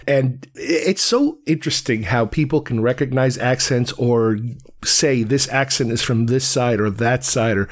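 Man from queens rambling about a movie, casual, keeps restarting sentences, medium pitch. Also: measured pace. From Queens, New York. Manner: digressive, restarts thoughts often. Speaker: film reviewer. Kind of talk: casual film commentary.

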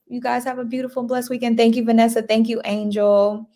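This livestream host is a woman who talks fast in a high-ish, monotone voice with a dark tone. Her casual chat is upbeat and talkative as she reads viewer comments and greets folks by name.

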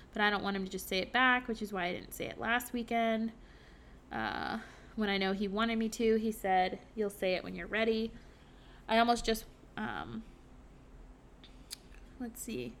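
A woman in her twenties, a podcast host, reading her own journal entries aloud in a candid, halting way with many fillers. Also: medium pitch, a bit bright, a little hiss or hum. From Virginia. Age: 20s.

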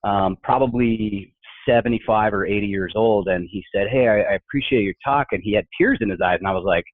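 A man's voice: fairly low pitch, a little fast, no room sound. A man casually chatting as a workplace humor speaker, telling anecdotes and acting out the voices in them. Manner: animated storyteller, acts out quoted voices. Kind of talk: casual podcast conversation. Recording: tinny phone-like line, dry.

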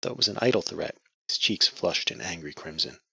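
Deep husky male audiobook narrator. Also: sing-song, fairly quick, pushed and bright, no echo. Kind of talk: scripted narration. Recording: muffled lo-fi dry recording.

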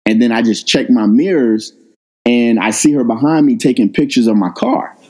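A middle-aged man, a guest on an interview, telling a personal story in a casual, animated way and jumping up in pitch when he quotes himself. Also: normal speed, poor audio. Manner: animated retelling, rises sharply when quoting himself. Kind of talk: conversational storytelling.

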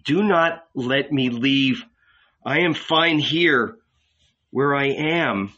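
A man's voice: medium pitch, drawn-out words, pushed and bright. A man voicing a shaken male prophet who pleads intensely, in a dull lo-fi recording. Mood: pleading.

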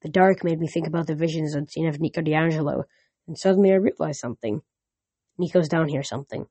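Someone reads a first-person novel aloud, frequently stumbling, slipping, and starting sentences over. Their medium-pitched voice is mellow, warm, and husky. It's recorded close and dry, with no echo.

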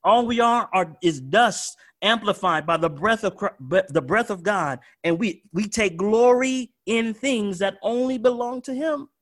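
A man preaching a sermon, repeating phrases emphatically and moving between quiet and loud delivery. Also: sits high, unhurried, few pauses. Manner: emphatic, swings from soft to loud with repetition.

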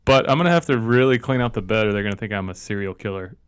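A man's voice: lowish voice, racing, clear, resonant tone, dry recording. Podcast co-host: middle-aged man, chatty storyteller with dry close sound. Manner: joking, animated storyteller. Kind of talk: casual chat.

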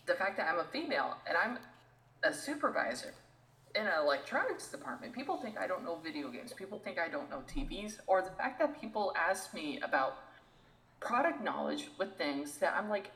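Animated, lively-pitched woman ranting in echoey room. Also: brisk. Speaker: podcast co-host. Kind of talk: casual podcast rant.

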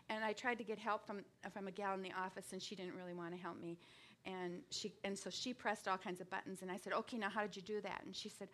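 A woman in her sixties giving a conversational sermon with frequent restarts and lively bursts. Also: mid-range voice. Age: 60s or older. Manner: conversational, with many restarts and sudden bursts of animation. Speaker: speaker giving a devotional talk.

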